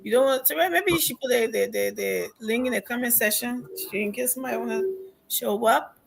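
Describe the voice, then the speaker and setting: Woman, high voice with gravelly fry, chatty talk-show co-host. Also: fairly quick, rough recording. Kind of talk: casual political talk show chat.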